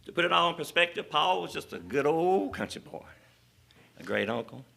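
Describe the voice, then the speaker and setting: A man's voice: fairly high pitch, big pitch swings, moderate pace, creaky, sharp tone. A man speaking plainly at a funeral, thanking the mourners. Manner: plain-spoken, grateful. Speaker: family member thanking mourners. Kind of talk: funeral remarks.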